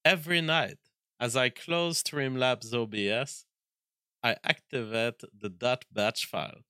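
A man with a noticeable French accent talks on a live stream in a crisp, forceful voice. He pauses and restarts often as he reads viewer messages and thinks aloud, and the sound is dry and close. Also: medium pitch, fairly even intonation, no room sound. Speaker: livestream host reading viewer messages. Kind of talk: casual live-stream chat.

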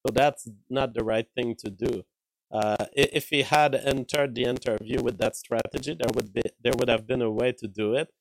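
Male streamer, dry close sound, analytical, thinks out loud, breaks down a clip. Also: mid-range voice, steady tone, moderate pace, gravelly, no room sound, rough recording. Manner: analytical, thinks aloud with fillers and restarts. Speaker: live-stream commentator. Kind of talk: live-stream commentary on an interview clip. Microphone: own mic with a compressor.

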